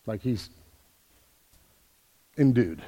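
A man preaching a sermon as pastor, building from quiet earnest talk to loud emphatic calls. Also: fairly low pitch, expressive, extremely slow. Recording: long hall reverb.

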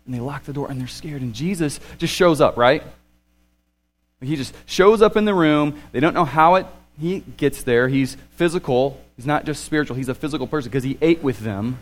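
A man in his thirties preaching a sermon, animated and swinging between excited and hushed. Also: a little high, moderate pace. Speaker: pastor.

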